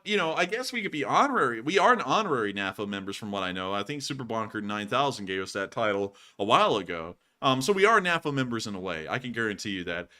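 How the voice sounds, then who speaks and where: A man from the United States hosting a casual war news livestream, reading supporter messages and ranting with easy laughter. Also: mid-range voice. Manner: animated, rants and laughs easily. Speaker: war news show host.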